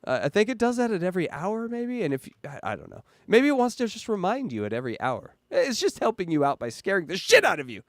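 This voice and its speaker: A man hosting a casual livestream, joking around and hyping donations in an excitable way. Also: sits high, fast talker, hardly any pauses, no room sound. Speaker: livestream host.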